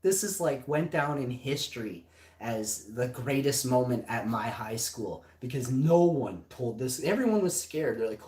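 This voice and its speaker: A man telling a story on a livestream podcast, swearing constantly and getting loud and heated. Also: medium pitch, lively intonation, measured pace, echoey room. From Canada. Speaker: podcast host.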